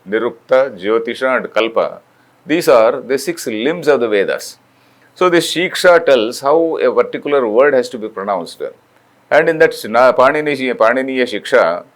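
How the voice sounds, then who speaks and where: An older man from India, lecturing on scripture, explaining patiently with many fillers and restarts and reciting Sanskrit verses. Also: medium pitch. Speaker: spiritual lecturer.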